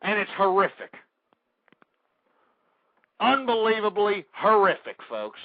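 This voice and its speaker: An older man hosting a political talk radio show, ranting and swinging up into furious shouting, peppered with "folks" and "I mean". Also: sits high, very animated, slow pace, no echo. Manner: repeats "folks" and "I mean" constantly. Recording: tinny, dry phone-like line.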